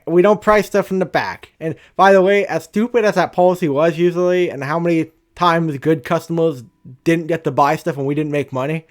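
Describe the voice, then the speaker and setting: Young adult man, animated storytime vlogger, cursing and rambling, slightly high voice. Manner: profane, animated, rambling with restarts. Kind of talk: storytime rant.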